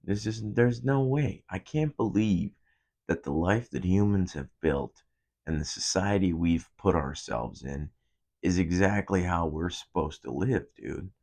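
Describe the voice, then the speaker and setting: Gravelly, low-voiced young man rambling. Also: a little slow, a little mellow. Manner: profane, loose storytelling. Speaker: podcast host. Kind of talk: casual rambling monologue.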